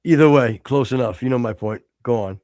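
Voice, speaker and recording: A man's voice: mid-range voice, brisk, a little mellow, no room sound, studio quality. A man in his fifties, co-hosting a podcast with crude, teasing banter and heavy swearing. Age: 50s. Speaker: podcast co-host.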